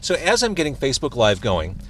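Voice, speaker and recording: A man's voice: mid-range voice, brisk, noisy background. A man hosting a casual interview over a meal, joking and self-deprecating. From Illinois, USA. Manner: jokey, self-deprecating, animated. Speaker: host.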